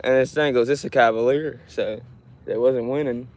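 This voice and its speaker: A man's voice: mid-range voice, steady tone, normal speed, darkish tone. A man livestreaming, telling a rambling, frustrated story with frequent restarts and swearing. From Ohio, USA.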